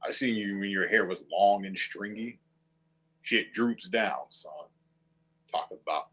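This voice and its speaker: A man's voice: on the low side, lively intonation, moderate pace, fairly bright tone, breathy edge. A man streaming, ranting to viewers with a profane, mocking, combative manner. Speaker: online streamer.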